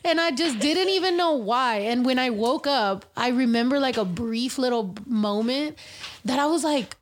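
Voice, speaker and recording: A woman's voice: high voice, moderate pace. A woman co-hosting a casual chat show, telling stories animatedly, swearing freely and acting out what people said. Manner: animated storyteller, swears freely, acts out quotes. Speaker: podcast co-host.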